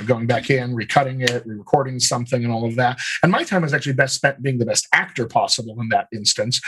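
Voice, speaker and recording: In an interview, a man who coaches dialects and acts explains his answers with care, often pausing on "you know" and restarting what he was saying. His mid-range voice is sharp, with a breathy edge.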